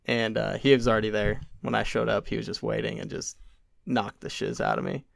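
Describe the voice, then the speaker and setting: A man's voice: lowish voice, fairly quick, gravelly, no room sound, studio quality. A young man telling a long story on a podcast in casual chat, acting out what others said, with lots of "like" fillers. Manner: animated, acts out quotes, many "like" fillers. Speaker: podcast guest.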